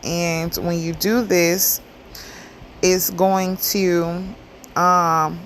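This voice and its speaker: A woman giving a casual hair tutorial, explaining each step in a chatty, relaxed way with plenty of fillers. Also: lowish voice, drawn-out words, slight background noise. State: cold and yawning. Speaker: hair stylist demonstrating a wig.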